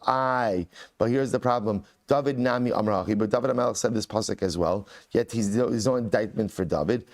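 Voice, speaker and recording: A man's voice: medium pitch, fairly quick. A man, a rabbi teaching a Talmud lesson, who reads Aramaic text and then explains it in plain English, often repeating key phrases for emphasis. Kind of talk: Talmud lesson, reading and translating.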